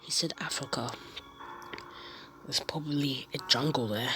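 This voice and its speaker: A woman's voice: rumbling low, a little slow, over music. A woman with a cold voicing a brooding teenage werewolf boy, murmuring in a half-whispered inner monologue. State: congested from a cold.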